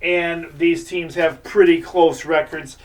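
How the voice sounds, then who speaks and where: Man, sports show host, higher voice, unhurried, rambling game predictions. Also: steady tone, distant mic. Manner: rambling, folksy game picks. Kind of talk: casual sports preview commentary.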